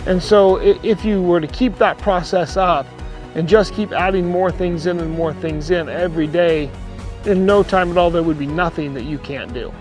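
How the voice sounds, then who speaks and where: A man's voice: high-pitched, moderate pace, darkish tone, faint music behind. A man teaching horsemanship as a clinician, talking plainly, repeating phrases and voicing what the horse thinks. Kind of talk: outdoor teaching monologue.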